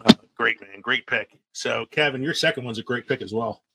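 A man's voice: medium pitch, a little fast, gravelly, heavy background noise. A man in casual movie chat as a podcast co-host, laughing often and trailing off into fillers.

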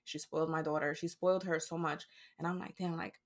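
A woman's voice: deep voice, little pitch movement, fast. A woman speaking candidly and emotionally as a podcast guest, swearing freely in casual conversation.

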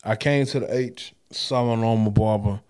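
A man's voice: fairly low pitch, fairly even intonation, normal speed, a little mellow, clean tone. A man from Houston hosting a podcast, joking around in a laid-back casual chat. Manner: laid-back, joking, drops "bro" often. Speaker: podcast host.

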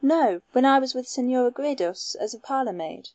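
A woman's voice: high voice, animated, normal speed, darkish tone, no room sound, highs cut off, voice pushed up. A woman reading the part of a nervous young parlour maid who speaks in a hesitant, timid way. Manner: hesitant, breathless.

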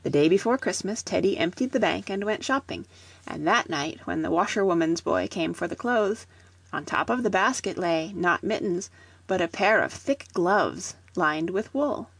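A woman reading a children's storybook aloud in a gentle, even storytelling manner. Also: on the low side, normal speed, creaky, husky, no echo. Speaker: audiobook reader.

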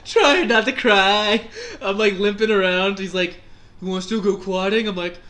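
A young man telling a story in casual chat, animated and laughing as he acts out his own reactions. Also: high voice, normal speed.

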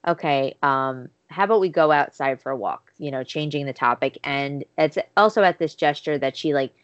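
The recording is dry and muffled as a podcast co-host, deep-voiced and speaking at normal speed, casually recaps a show's episode. She brings scenes to life by acting out the quoted dialogue.

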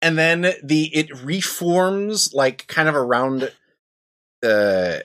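A man running a tabletop game as game master, explaining rules in a halting way with lots of fillers and restarts. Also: on the high side, a bit bright.

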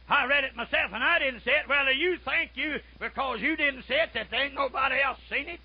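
An older man preaching a folksy sermon, dropping to soft murmurs and then shouting out his stories. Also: very high-pitched, brisk, hardly any pauses. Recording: muffled lo-fi recording.

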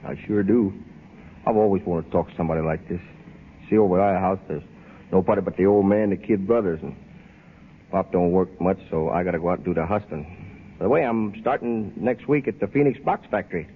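A man's voice: low voice, brisk, a little hiss or hum, close to an everyday voice. An actor playing a brash, lovesick small-town young man with boastful folksy talk, 1940s radio acting on a tinny old broadcast. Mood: earnest.

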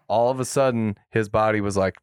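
Low-voiced man spinning a profane story. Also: steady tone, brisk, smooth, no echo, studio quality. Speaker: podcast co-host. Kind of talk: casual chat. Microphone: studio mic.

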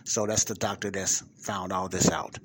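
A man's voice: sits low, fairly even intonation, moderate pace, noisy background. A man hosting a podcast, giving emphatic commentary and putting questions straight to the listener. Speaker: podcast host. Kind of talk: casual commentary on a played clip.

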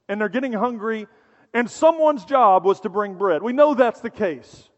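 Middle-aged male pastor, high-pitched, storytelling sermon with humor, long hall reverb. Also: animated, measured pace. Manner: conversational storytelling with humor, acts out voices. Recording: dull sound in a reverberant hall.

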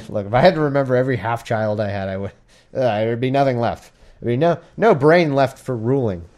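A man's voice: mid-range voice, brisk, darkish tone, lightly acted. A man voicing an exasperated ancient male king who talks in blunt modern slang, casual and fatalistic. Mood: scheming.

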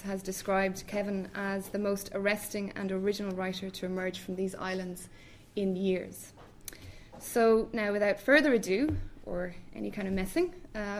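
A woman with a Limerick Irish accent, hosting a live event and introducing an author in a measured way. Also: medium pitch, slight background noise. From Limerick, Ireland. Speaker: event host. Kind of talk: formal introduction.

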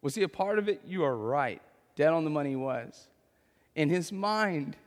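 A man's voice: on the high side, animated, normal speed. Preaching man in a reverberant hall. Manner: conversational preaching, tag questions and anecdotes. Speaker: pastor. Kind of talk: sermon.

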